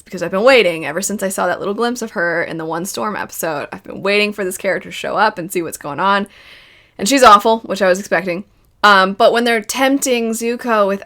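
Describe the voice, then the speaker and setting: A woman in the middle of her range talks through a cartoon series in a loose, chatty commentary. She is animated and emotional as she goes, and she laughs often. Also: medium pitch, a little fast. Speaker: video host reviewing a cartoon series. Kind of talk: casual reaction commentary.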